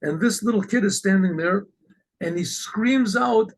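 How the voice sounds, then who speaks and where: A man, a rabbi, telling a religious story in an animated way, often clearing his throat. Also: sits high, unhurried, low-quality recording.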